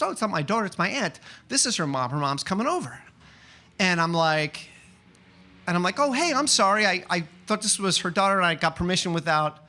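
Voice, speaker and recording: A man's voice: on the high side, pushed and bright. A man telling a personal story on stage at a story slam, chatty and earnest, with many fillers and restarts.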